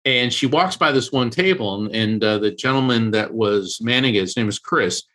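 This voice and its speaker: A man guesting on an interview, speaking at a middle pitch. He tells a personal story in an earnest, emotional way, slowing down and speeding up as the feeling takes him. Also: fairly bright tone. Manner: earnest, emotional storyteller who acts out quoted voices. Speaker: medium and author, guest.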